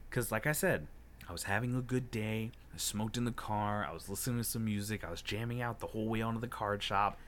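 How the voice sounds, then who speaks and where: A man's voice: lowish voice, a little fast, fairly bright tone, a little hiss or hum. A young man telling a heated, profane story in a casual podcast chat, acting out his own angry retorts. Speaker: podcast co-host.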